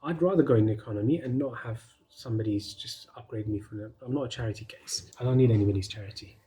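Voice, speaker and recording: A man's voice: mid-range voice, fast talker, mellow, natural voice, low-quality recording. A man retelling as a proud, indignant customs officer. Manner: insistent, demanding answers.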